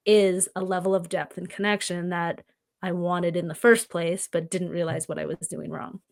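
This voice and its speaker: A woman on a podcast, calmly and earnestly telling a reflective personal story. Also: fairly low pitch, moderate pace, vocal fry. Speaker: podcast guest. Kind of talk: conversational podcast chat.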